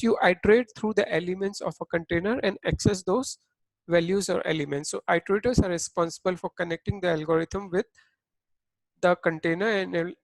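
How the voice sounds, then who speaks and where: A man's voice: high-pitched, creaky, dry recording, low-quality recording. A man giving a recorded programming lecture, explaining step by step with frequent fillers and restarts. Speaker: programming instructor.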